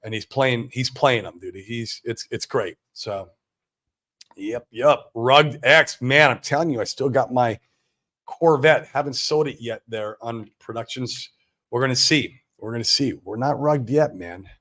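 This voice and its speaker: A man hosting a crypto livestream, talking to viewers in a loose, slangy, excitable way. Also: medium pitch, unhurried. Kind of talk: casual livestream talk.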